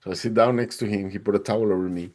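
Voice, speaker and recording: Guy on a podcast telling what happened to him, lowish voice, acts out everybody's lines. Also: racing. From Atlanta, Georgia, USA. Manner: animated, acts out the other people's lines in a raised voice. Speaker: podcast guest. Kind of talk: personal storytelling.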